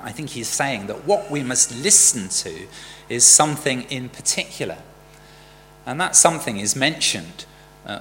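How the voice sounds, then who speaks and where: Bright-voiced male preacher in a reverberant hall. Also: medium pitch. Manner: conversational, storytelling preaching. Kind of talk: sermon with a joke. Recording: church hall reverb with faint hum.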